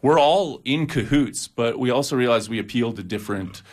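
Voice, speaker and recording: A man's voice: mid-range voice, lively intonation, moderate pace, darkish tone. A man who works at a campus TV station, guesting on a radio show and talking in an enthusiastic, chatty way, often tacking on "you know what I'm saying". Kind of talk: casual interview chat.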